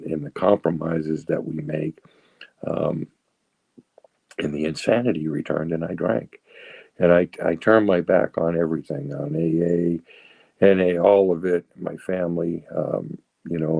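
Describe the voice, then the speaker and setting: A man in his sixties from the Boston area, telling his recovery story in a halting way, restarting and repeating words, with wry humor. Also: low voice, creaky, warm tone, breathy edge, no room sound, poor audio. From Boston area, USA. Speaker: guest sharing recovery story. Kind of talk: personal testimony.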